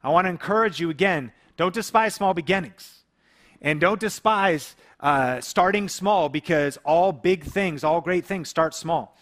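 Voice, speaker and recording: A man's voice: a little high, unhurried, fairly bright tone. A man in his thirties from the Seattle area tells a personal story to camera. He speaks in a slightly raised voice and acts out his phone calls as he goes. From Seattle area, USA. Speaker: YouTube creator and speaker.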